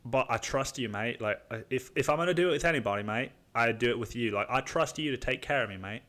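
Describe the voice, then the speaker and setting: A man's voice: medium pitch, fast, bright, forceful tone, natural voice. A man doing a nervous young British friend in a loose British accent. He hesitates and keeps tagging on "mate", sounding unsure of himself. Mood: hesitant. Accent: British, loosely imitated.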